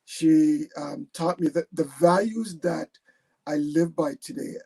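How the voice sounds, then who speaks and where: A man's voice: a little high, measured pace, vocal fry, dark tone, breathy edge. A man born in England and raised in Jamaica, a guest telling his story on a video call, hesitant and repeating his words. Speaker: guest, retired army captain.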